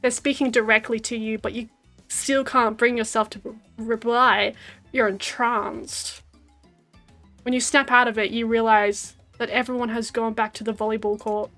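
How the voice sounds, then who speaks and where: A woman's voice: on the high side, little pitch movement, normal speed, fairly bright tone, soft background music. An Australian woman in her twenties, a game streamer reading a dating game aloud with giggly, wry asides. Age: 20s.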